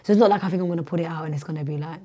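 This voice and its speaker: Hoarse young woman. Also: deep voice, very fast. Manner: animated storyteller, shouts when quoting herself. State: losing her voice, hoarse. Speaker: guest, teacher and singer. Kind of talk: casual podcast chat.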